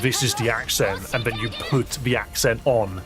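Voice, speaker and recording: A man's voice: medium pitch, normal speed, over music, crowd noise. A British man chatting casually and wryly as a live streamer, reacting to a video and laughing often.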